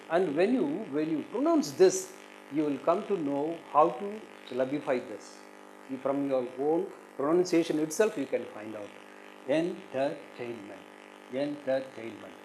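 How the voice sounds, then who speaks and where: A male English teacher with an Indian English accent gives a recorded exam-prep lesson in a high, very animated, slightly mellow voice, speaking a little slowly. He drills each word by repeating it several times and stressing its syllables. The audio is poor, with slight background noise.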